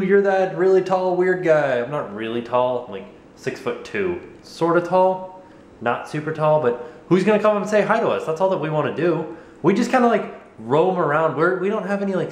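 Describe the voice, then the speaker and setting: A young American man vlogging at home in a goofy, rambling, jokey way. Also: medium pitch. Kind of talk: casual vlog chat to camera. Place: home living room. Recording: echoey room.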